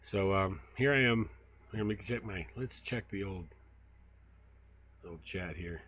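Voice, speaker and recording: An unhurried man with a low, fairly bright voice, heard over slight background noise. On a casual walk-and-talk livestream through brushy riverside woods, this field researcher tells meandering stories laden with fillers.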